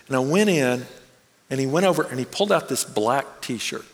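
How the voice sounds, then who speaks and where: A man preaching a sermon, telling a personal story in an animated way and acting out the people he quotes. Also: mid-range voice, fairly quick. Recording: long reverb of a large hall.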